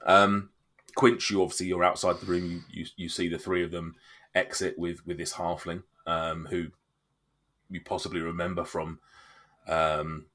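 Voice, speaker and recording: Deep-voiced game master. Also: male voice, level tone, moderate pace, a bit bright. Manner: hesitant, many fillers and restarts. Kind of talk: narrating a tabletop game.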